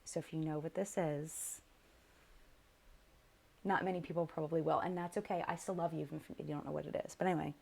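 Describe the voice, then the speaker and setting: A young woman hosting a live makeup chat with viewers, tired and low on energy, rambling and often interrupting herself. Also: fairly even intonation, fast talker, gravelly, pauses often, darkish tone, breathy edge. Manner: scattered, rambling, self-interrupting. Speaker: beauty channel host.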